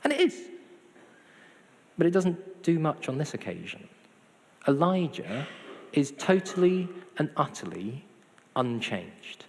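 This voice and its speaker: A man's voice: on the high side, wildly swooping pitch, takes it slowly, creaky, long pauses. A man preaching a sermon, conversational with self-deprecating humor. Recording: hall reverb.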